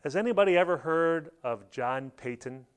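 Animated preaching man, slightly high voice. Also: normal speed, clear, resonant tone. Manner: animated storytelling, acting out quotes with sudden loud high bursts. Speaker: pastor. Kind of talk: sermon. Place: church.

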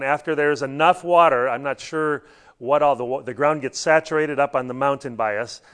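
A man's voice: fairly high pitch, fairly bright tone. A man preaching a sermon in a conversational way, mixing scripture with homely stories. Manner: conversational preaching with anecdotes and light laughs. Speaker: pastor.

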